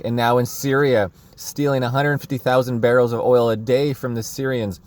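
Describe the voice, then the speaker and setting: Male commentary host, mid pitch, sarcastic, laughs often, rambles. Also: darkish tone. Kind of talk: casual political commentary.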